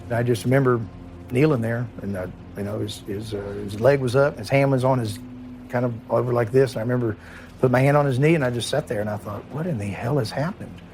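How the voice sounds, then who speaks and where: Middle-aged man from Kentucky, ex-police chief, halting emotional interview delivery, soft music under it. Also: mid-range voice. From Kentucky, USA. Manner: plain-spoken, halting, emotional. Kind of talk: interview recollection.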